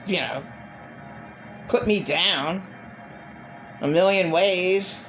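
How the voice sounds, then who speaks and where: A woman's voice: on the low side, extremely slow, long pauses, a bit bright, slight background noise, rough recording. A middle-aged woman vlogging in a blunt, profane, repetitive rant. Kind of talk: casual monologue.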